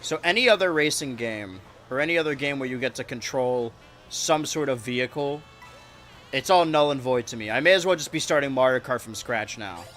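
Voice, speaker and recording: A man streaming a kart racing game, rambling and joking to his chat with sudden excited yelps. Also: mid-range voice, fairly quick, faint music behind. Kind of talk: live-streamed gameplay commentary.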